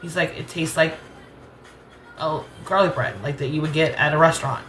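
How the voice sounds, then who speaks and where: Low-voiced chatty American woman in her kitchen. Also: steady tone, moderate pace, a bit bright, reverberant, soft background music. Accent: Southern US rural. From United States. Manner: chatty, rambling, laughs easily. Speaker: cooking channel host. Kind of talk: casual kitchen chat. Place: home kitchen.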